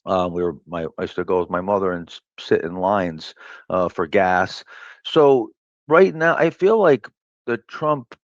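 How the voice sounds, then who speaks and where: A man being interviewed as a trader, thinking aloud in a measured way with fillers and restarts. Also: deep voice, expressive, no room sound. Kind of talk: reflective interview talk. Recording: dull lo-fi clip played back.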